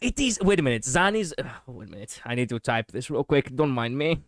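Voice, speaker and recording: A young man with a Greek accent streaming a game reaction, excitable, laughing and swearing, jumping between loud outbursts and muttering. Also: medium pitch, brisk, dry recording, clean studio sound. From Greece.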